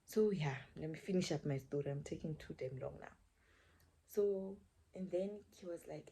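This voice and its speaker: A woman's voice: sits low, normal speed, dark tone, husky. A young woman telling a chatty storytime to her viewers, often dropping into a whisper. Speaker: vlogger. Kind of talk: casual storytime chat.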